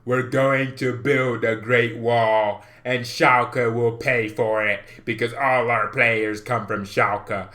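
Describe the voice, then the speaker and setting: A man doing an impression of a boastful older politician who brags in slow, repeated superlatives, with his voice a little lower than usual. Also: fairly even intonation, bright, forceful tone. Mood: grandiose.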